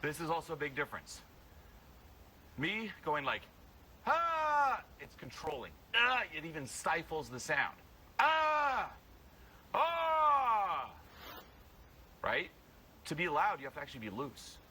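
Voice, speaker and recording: A man coaching a live workshop audience, blunt and energetic, breaking into loud yells. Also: on the high side, brisk, a little hiss or hum, poor audio. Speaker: social confidence coach.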